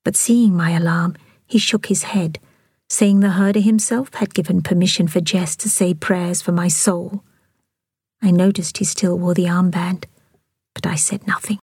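A woman narrates a novel in a soft, steady whisper. Her voice is very breathy and slightly low. The recording is close and dry. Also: normal speed, dry recording. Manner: soft, even whispered reading. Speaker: author and audiobook reader.

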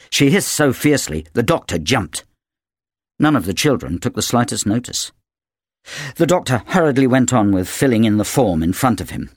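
A man narrating an audiobook with an expressive, dramatic reading. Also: fairly low pitch, moderate pace, no room sound, clean studio sound.

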